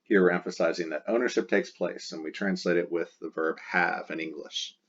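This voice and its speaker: A Latin teacher with a very low, slightly bright voice walks through a language exercise step by step, speaking steadily and a little fast. He patiently repeats the key words again and again, and the dull, lo-fi sound suggests a simple home recording.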